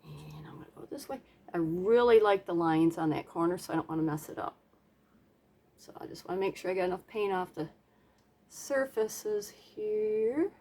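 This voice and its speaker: A woman's voice: fairly low pitch, moderate pace, mellow. Woman chatting while she does a paint pour, goofy little sound effects, laid back home craft vibe. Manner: chatty, self-deprecating, hums and makes playful sound effects. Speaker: craft vlogger. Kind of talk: casual narration while painting.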